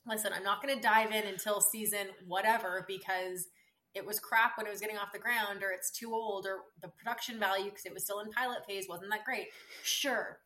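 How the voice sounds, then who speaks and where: Young woman co-host, bright and forceful, teasing and animated in casual chat. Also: mid-range voice, brisk. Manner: animated, teasing, mock-outraged. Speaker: podcast co-host. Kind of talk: casual chat between friends.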